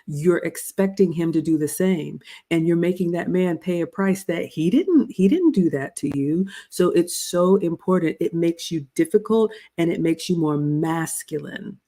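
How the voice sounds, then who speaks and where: A woman's voice: on the low side, animated, moderate pace, few pauses, dark tone. A woman hosting a casual advice chat on etiquette, talking conversationally and addressing her listeners as ladies. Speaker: host.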